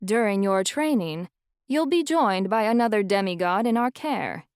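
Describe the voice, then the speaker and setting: A woman's voice: medium pitch, animated, normal speed, clear, resonant tone, no echo, clean studio sound, close to an everyday voice. A woman voicing a cheerful, spiritual elderly woman professor who talks in a lilting, airy way. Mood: earnest.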